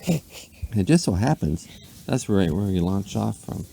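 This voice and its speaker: Gravelly low-voiced dad telling a bedtime story. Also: male voice, sing-song, measured pace, background noise. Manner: rambling, playful, with silly asides.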